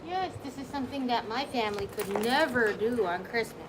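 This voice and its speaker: A woman's voice: fairly high pitch, animated, moderate pace, few pauses, background noise. A woman vlogger chatting casually on a livestream at home, slipping into cooing baby talk to her dogs.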